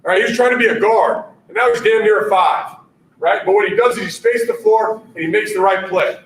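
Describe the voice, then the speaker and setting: Male basketball coach presenting at a conference, high voice, punchy catchphrase delivery, echoey distant room mic. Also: brisk, a little hiss or hum. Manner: energetic, punchy, repeats catchphrases, keeps asking "all right?".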